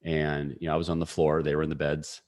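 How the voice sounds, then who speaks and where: Low-voiced man in his forties. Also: fast talker. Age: 40s. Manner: energetic, story-driven talk with frequent fillers. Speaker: podcast guest. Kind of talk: casual storytelling.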